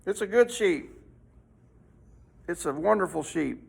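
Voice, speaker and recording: A man's voice: high-pitched, lively intonation, a little slow, gravelly, breathy edge, voice pushed down, heavily acted. A man doing a smug bragging devil. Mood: boastful. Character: boastful male devil showing off his rat.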